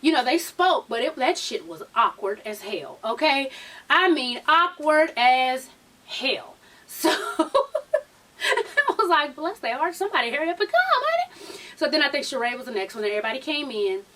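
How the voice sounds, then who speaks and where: A woman's voice: high-pitched, a bit bright, distant mic. A woman recapping a reality show in casual, profane, sassy chat, often acting out what the cast said. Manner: sassy, profane, laughing, acts out the cast's lines.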